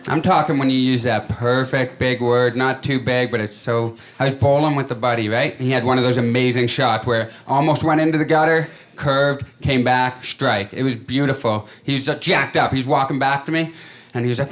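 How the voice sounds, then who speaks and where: A man doing a stand-up comedy set on a club stage, telling stories in a chatty way and acting out his friends in quick voices. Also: medium pitch. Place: comedy club stage before a live audience. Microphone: handheld stage mic. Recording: live club recording with loud crowd laughter.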